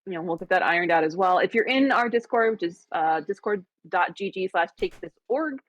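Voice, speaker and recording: A woman's voice: fairly low pitch, animated, a little fast, no echo. A woman co-hosting a game stream, chatting casually and often trailing off into laughs. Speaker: stream co-host.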